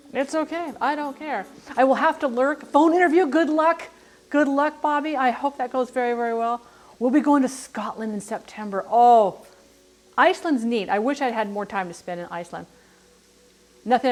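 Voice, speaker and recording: A middle-aged woman chatting while she cooks on a livestream, rambling and self-deprecating. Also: fairly high pitch. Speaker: cooking livestreamer. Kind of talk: casual chat while cooking on a livestream.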